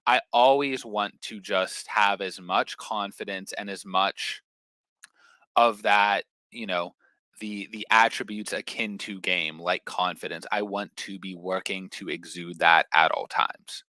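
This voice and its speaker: Blunt young man, bright dry voice. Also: sits low, fairly even intonation, unhurried, no room sound, low-quality recording. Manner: blunt, swearing, confident. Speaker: podcast guest. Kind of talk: casual podcast chat.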